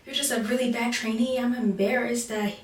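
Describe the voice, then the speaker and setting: A woman voicing a harsh female military drill instructor who yells accusations and repeats herself. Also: fairly high pitch, steady tone, fairly quick, a little hiss or hum, pitched above the performer's own voice, natural voice. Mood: scolding. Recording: roomy, distant mic.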